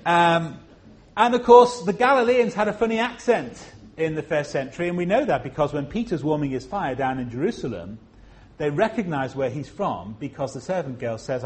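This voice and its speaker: A man from Liverpool with a faint Liverpool accent, preaching a sermon at a church service. He is expressive, slows down to stress phrases, jumps high for emphasis, and adds humorous asides. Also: a little hiss or hum. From Liverpool, England.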